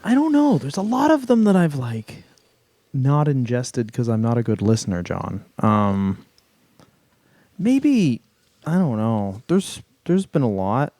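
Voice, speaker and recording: A man co-hosting a casual comedy podcast, speaking bluntly with swearing and dropping his voice low when he quotes people. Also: big pitch swings, unhurried, mellow, no echo. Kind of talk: casual chat.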